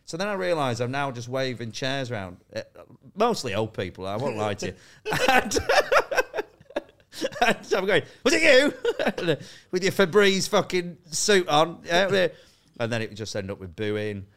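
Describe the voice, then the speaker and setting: Lively man spinning rude comedy anecdotes. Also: medium pitch, a little slow. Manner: swearing, laughing storyteller who acts out voices. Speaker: comedian guest. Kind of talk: casual podcast chat, telling stand-up stories.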